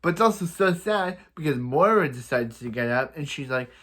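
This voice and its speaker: A man's voice: fairly high pitch, lively intonation, moderate pace, fairly bright tone. Rambling young man recapping a TV episode. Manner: rambling, repetitive, playful with sound effects. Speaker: TV episode reviewer.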